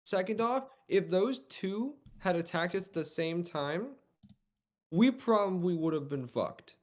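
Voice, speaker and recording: A man's voice: sits high, expressive, a little slow, darkish tone, voice pushed up. A man voicing a concussed young male adventurer who stubbornly defends his reckless choices in a tabletop game. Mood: defensive. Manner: stubborn, self-justifying.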